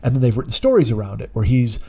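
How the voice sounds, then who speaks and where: A husky, dark-toned comedian in his forties speaks at a quick pace with a medium pitch, very animated, on his own podcast. He spins out a lengthy, rambling, foul-mouthed story in a casual, exasperated way.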